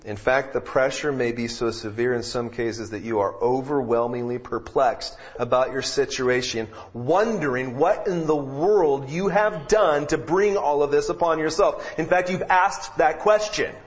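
A man's voice: mid-range voice, unhurried, few pauses, dull audio. A man preaching a sermon as pastor to his congregation, reading scripture, praying and telling jokes. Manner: reads scripture, prays, then preaches with jokes. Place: church sanctuary with congregation.

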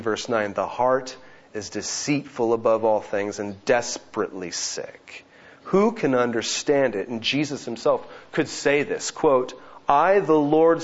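A man in his thirties preaching a sermon, earnest and with lively asides. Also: medium pitch. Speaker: pastor. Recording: slightly dull lo-fi sound.

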